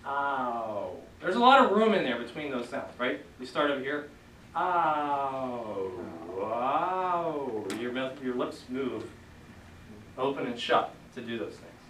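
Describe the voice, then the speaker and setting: A man teaching a class, relaxed, leading students in repeating sounds. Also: mid-range voice, slow, slight background noise. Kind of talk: classroom lesson. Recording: echoey room, voice from far off.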